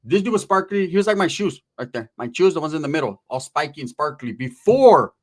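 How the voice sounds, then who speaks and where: A young man telling a rambling, profane comic story in a casual, animated way. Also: a little high, brisk. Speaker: comedic storyteller.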